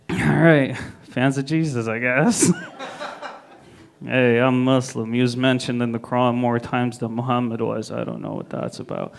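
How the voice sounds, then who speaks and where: Egyptian-born guy doing standup at a club, middle-pitched voice, crude and chatty, keeps talking to the crowd. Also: steady tone, unhurried, creaky. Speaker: stand-up comic. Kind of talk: live stand-up set. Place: live comedy club stage.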